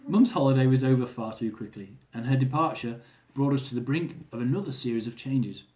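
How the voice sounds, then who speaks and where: A man reading his own travel memoir aloud in a lively, amused storytelling manner, often chuckling. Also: mid-range voice, a little fast, reverberant.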